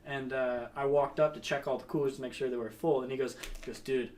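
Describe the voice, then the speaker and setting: A man's voice: mid-range voice, quick pace, a little hiss or hum. A young man chatting casually and telling a story, laughing often and acting out what people said. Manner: animated, laughing often, acts out quotes.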